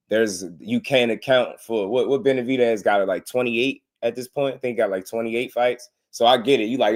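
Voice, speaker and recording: A man giving casual boxing commentary on a live stream, slangy and animated, laughing often. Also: mid-range voice.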